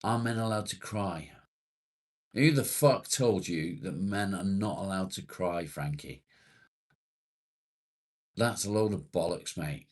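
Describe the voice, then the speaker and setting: A man's voice: low voice, slow pace, long pauses. A man from England hosting a casual livestream, reading and answering chat comments bluntly and swearing freely. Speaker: livestream host.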